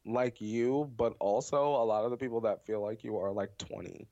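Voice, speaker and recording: A woman co-hosting a podcast, teasing and encouraging in quick casual back-and-forth. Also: very deep voice, mellow, dry recording. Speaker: podcast co-host. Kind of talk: casual chat. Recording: dull lo-fi sound.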